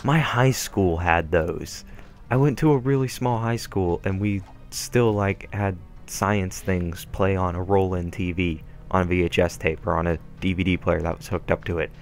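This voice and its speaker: A man's voice: deep voice, fairly even intonation, moderate pace. A young man rambling through casual, self-deprecating let's-play commentary. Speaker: gameplay commentator. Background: faint game music.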